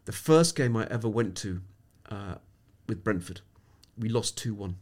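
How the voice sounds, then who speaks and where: A middle-aged Englishman, a sports psychologist appearing as a podcast guest, tells stories in a reflective, anecdotal way and often restarts his sentences. His voice sits lowish and sounds animated and a little mellow, and he speaks a little slowly.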